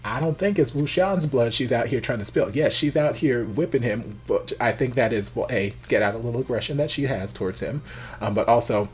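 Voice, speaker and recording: A man's voice: mid-range voice, brisk, faint music behind. Chatty man giving reaction commentary. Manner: animated, chatty, emphatic. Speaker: reaction video host.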